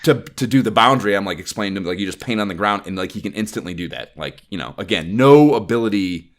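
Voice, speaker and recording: A man's voice: fairly low pitch, lively intonation, fast. A man hosting a podcast, telling a rambling, profane story in casual chat and often breaking into laughter. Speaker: podcast host.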